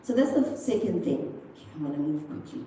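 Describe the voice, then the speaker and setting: A woman's voice: on the low side, lively intonation, fast talker, dark tone, a little hiss or hum. A South African woman giving a chatty motivational speech at a school prize-giving, talking straight to the audience. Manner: chatty, addresses the audience directly, acts out others' voices. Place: school hall. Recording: echoey hall, distant microphone.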